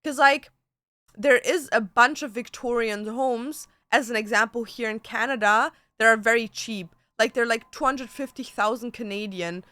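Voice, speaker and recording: A young woman from Germany, speaking, chats loosely on a livestream, full of "like" and casual swearing. Her voice is smooth, crisp and bright, a touch higher than most, recorded dry and close. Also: normal speed, no room sound. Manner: chatty, swearing, lots of "like". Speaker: streamer. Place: home.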